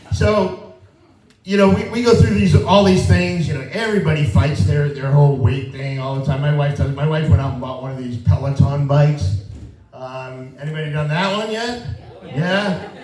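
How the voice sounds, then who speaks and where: A man performs a stand-up set in a relaxed, self-deprecating way, with a voice pitched a little high. The sound carries the boom of a live room, caught from well back from the mic. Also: measured pace. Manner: self-deprecating, conversational, animated when quoting himself. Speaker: stand-up comedian. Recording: roomy live venue, mic heard from a distance. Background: audience laughter.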